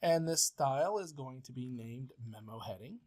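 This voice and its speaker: Male instructor, mid-pitched, patient step-by-step screen-recorded tutorial delivery. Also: animated, moderate pace, darkish tone. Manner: step-by-step, plain and patient, with frequent uh fillers. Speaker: professor. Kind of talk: software tutorial walkthrough.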